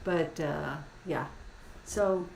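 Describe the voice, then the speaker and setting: Speaking extremely slowly with vocal fry, the channel host has a low-sitting voice and a darkish tone. She tells chatty stories on a casual livestream, laughing frequently and dropping y'all. She's far from the mic in an echoey room, and there's faint hiss.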